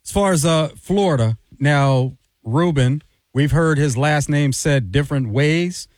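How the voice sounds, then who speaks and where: A man hosting a sports radio show, asking questions and doing brisk, upbeat sign-offs. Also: on the high side, a little mellow, dry recording.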